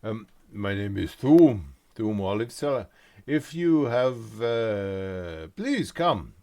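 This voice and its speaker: A man's voice: on the low side, very animated, slow pace, a little mellow, heavily acted. A man voicing a huge, welcoming olive merchant who talks in broken, repetitive sales patter. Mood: chatty.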